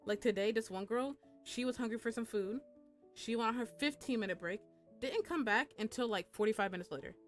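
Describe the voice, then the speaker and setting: A young woman telling a casual, profane storytime about her job while streaming, animated and chatty, jumping into high squeaky voices when she quotes people. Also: fairly quick, soft background music.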